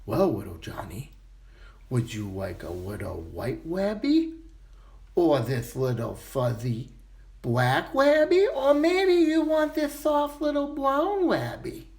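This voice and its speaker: A man's voice: lowish voice, sing-song, moderate pace, dark tone, voice pushed down. A man voicing an amused grown clerk who talks in mocking baby talk with a lisp.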